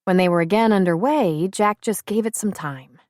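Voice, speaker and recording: A woman's voice: mid-range voice, moderate pace, a little mellow, dry recording, clean studio sound. A woman narrating an audiobook novel, reading two men's conversation with small shifts in tone. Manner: reads dialogue for two men with small shifts in tone. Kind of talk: scripted narration.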